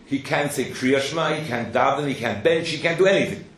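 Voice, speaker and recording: A man with a mid-range voice, speaking a little fast, teaches a Torah class and tells stories full of Hebrew and Yiddish terms. He's an animated storyteller who keeps asking "hello?" to prod his listeners. The room is echoey, with faint noise.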